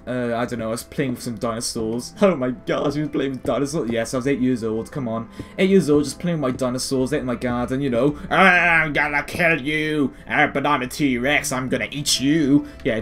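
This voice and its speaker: British young man, late teens, gameplay commentary, rambling, excitable, faint music behind. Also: medium pitch. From Britain. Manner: rambling, excitable, self-mocking. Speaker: gaming video host.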